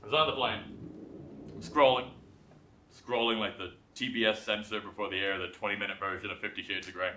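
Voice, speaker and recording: A man's voice: fairly low pitch, steady tone, a little fast, bright, forceful tone, slight background noise. A man hosting a live late-night show, giving a self-deprecating stand-up monologue and acting out voices. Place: live theater with audience. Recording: echoey live theater.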